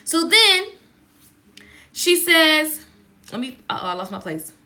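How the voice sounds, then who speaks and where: Sassy woman doing a devotional, high bright voice, lots of come on somebody. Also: takes it slowly. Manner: sassy, animated, call-and-response. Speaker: speaker giving a devotional talk. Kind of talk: casual devotional talk.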